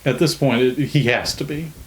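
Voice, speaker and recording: A man's voice: mid-range voice, normal speed, rough recording. A young man co-hosting a podcast, chatting casually about a TV show with dry, wry asides. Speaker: podcast co-host. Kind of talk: casual chat about a TV episode.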